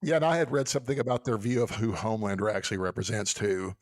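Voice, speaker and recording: A man's voice: on the low side, fairly even intonation, fast, dry recording, studio quality. Chatty, rambling male podcast co-host. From American South. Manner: chatty, rambling, restarts, laughs a lot. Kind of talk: casual podcast chat.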